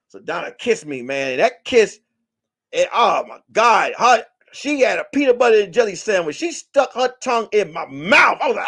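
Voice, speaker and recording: A man hosting a comedy podcast, telling a rowdy story, shouting, swearing and acting out the voices. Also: sits high, very animated, brisk, slightly rough. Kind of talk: animated comic storytelling.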